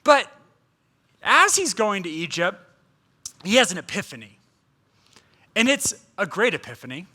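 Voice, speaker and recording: Male guest preacher with a high, very animated voice, telling his sermon with humor. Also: unhurried, long pauses, slightly rough. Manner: humorous, conversational preaching with playful asides.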